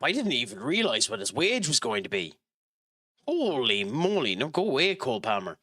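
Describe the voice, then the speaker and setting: An Irish man talking to his stream viewers as he plays, his tone bright and clear. He chats loosely and easily, pitched in a middle range. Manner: chatty, talks to viewers while playing. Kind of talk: casual live-stream chat.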